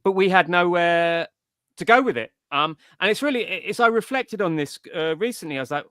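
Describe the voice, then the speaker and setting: A middle-aged man speaking as a guest in a relaxed interview, his voice pitched a little high with a bright, forceful edge. He talks in long, digressive stretches. The sound is dry and close. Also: fairly quick, dry recording. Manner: rambling, digressive storytelling. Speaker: comics writer, interview guest. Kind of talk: casual interview chat.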